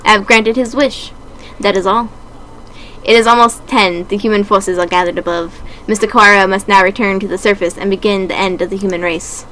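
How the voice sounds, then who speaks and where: A woman voicing a calm, cold and sinister male doctor in a game, speaking in a soft, measured, condescending way. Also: mid-range voice, slight background noise, close to an everyday voice, poor audio. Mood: smug.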